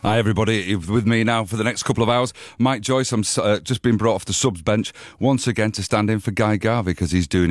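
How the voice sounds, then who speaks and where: A man's voice: sits low, no echo. A middle-aged man presenting a radio music show in a studio, chatty and rambling with lots of fillers and restarts. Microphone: studio microphone.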